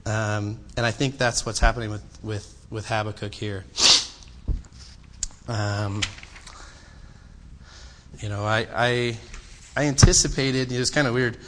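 A man preaching a sermon, swinging between loud, impassioned pleading and quiet, personal storytelling. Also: steady tone, measured pace, long pauses, background noise. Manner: impassioned, rising to loud pleading then dropping low and personal.

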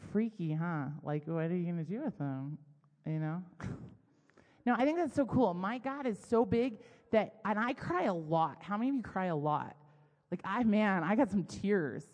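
A woman's voice: medium pitch, moderate pace. A middle-aged woman giving a casual, self-deprecating sermon full of personal stories. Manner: chatty, self-deprecating, animated storytelling. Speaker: speaker at a church gathering. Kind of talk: conversational sermon. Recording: long hall reverb.

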